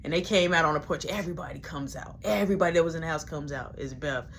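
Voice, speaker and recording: A woman telling a long personal story in casual slang, animated and acting out every voice. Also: sits low, fast, a little hiss or hum.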